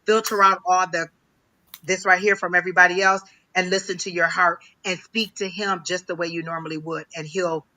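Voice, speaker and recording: A man giving a live psychic reading on a stream, talking in a halting way, repeating phrases with many ums. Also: high voice, flat delivery, pushed and bright, low-quality recording. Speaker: psychic reader.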